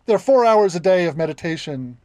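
A woman's voice: on the low side, animated, a little fast, dark tone, no room sound. Hesitant woman game master, dry sound. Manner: hesitant, many restarts and fillers. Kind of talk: narrating a tabletop game.

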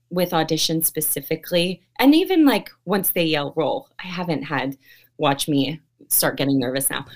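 A woman, an actress, chatting as an interview guest, bubbly, laughing often and using lots of fillers. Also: deep voice. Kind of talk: casual interview chat.

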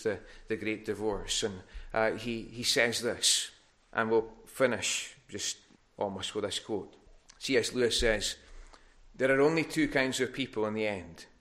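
A man's voice: on the low side, a bit bright. A man preaching a sermon in a church, earnest and given to restarts, rising in force on his appeals. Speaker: pastor.

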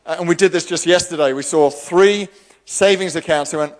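A male pastor delivering a sermon with lively energy. His voice sits a little higher than most men's, and he slips into the voices of the people in his stories as he speaks. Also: brisk, long reverb tail. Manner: animated preacher acting out quoted voices.

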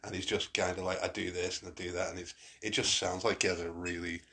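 A man hosts a relaxed podcast conversation in a very deep, husky voice. He rambles, circling back with fillers and false starts as he talks through his picks. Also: fast. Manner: rambling, many restarts and fillers. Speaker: podcast host. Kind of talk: casual chat.

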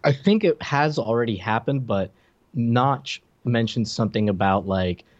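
Lively man on a dry, muffled mic. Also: medium pitch, a little slow, no room sound. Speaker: podcast co-host. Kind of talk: casual chat.

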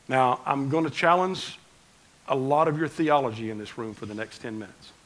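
A man preaching a conversational sermon as pastor, swinging between loud emphasis and quiet asides. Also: mid-range voice, a little fast, low-quality recording.

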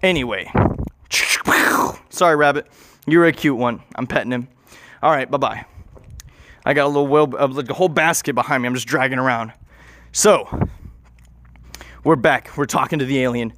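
A man's voice: medium pitch, fairly quick, long pauses, fairly bright tone. Man spinning a rambling comic story. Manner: rambling, self-interrupting, swears casually.

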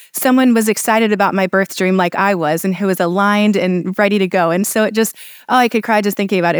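A woman's voice: medium pitch, clean tone, no echo, clean studio sound. A woman in her thirties, a podcast guest, telling her birth story in an earnest, emotional way with many fillers.

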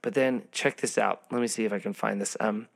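Gravelly, easygoing man retelling a Bible story. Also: fairly low pitch, steady tone, fairly quick. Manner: loose, filler-heavy storytelling with frequent ums. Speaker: Bible teacher.

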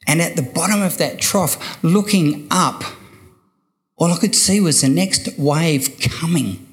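An older man preaching a sermon, slow and emphatic, repeating key phrases for weight. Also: on the high side.

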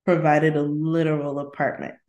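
A woman's voice: deep voice, little pitch movement, moderate pace, a little mellow. A woman hosting her own podcast from her apartment. She talks through her personal faith journey candidly and reflectively, breaking into laughter between thoughts. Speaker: podcast host. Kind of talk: casual faith-sharing monologue. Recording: roomy echo in a home room.

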